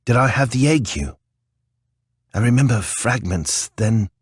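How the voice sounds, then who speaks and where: A man's voice: mid-range voice, expressive, measured pace, slightly rough, voice pushed up. A man reading an audiobook, voicing an earnest young male acolyte who asks questions in a slightly raised voice. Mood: puzzled. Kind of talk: audiobook character voice.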